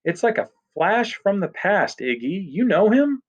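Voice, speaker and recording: A man's voice: high-pitched, sing-song, unhurried, pitched above the performer's own voice, heavily acted. A man voicing a tough, chain-smoking biker's wife who nags in a raised voice. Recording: dull lo-fi recording.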